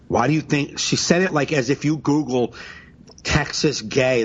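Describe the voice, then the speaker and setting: A man tells crude stories in casual podcast chat, laughing as he goes. His voice is husky and slightly breathy. The recording sounds dull and lo-fi. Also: medium pitch, normal speed. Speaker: comedian co-host.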